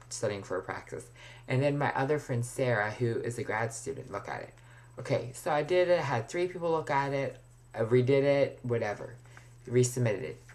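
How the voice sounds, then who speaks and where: Rambling young man's video diary. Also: medium pitch. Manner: rambling, chatty, drops into near whispers. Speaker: vlogger.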